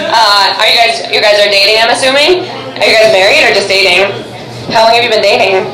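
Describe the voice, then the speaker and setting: A woman's voice: mid-range voice, a little fast. A woman from Buffalo doing a stand-up comedy set, chatty and brash, working the crowd from a club stage. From Buffalo, New York. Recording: echoey club with audience.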